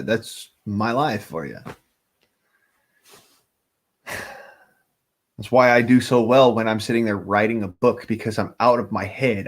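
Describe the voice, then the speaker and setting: A man talking casually on a livestream, rambling from thought to thought and swearing often. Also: fairly low pitch.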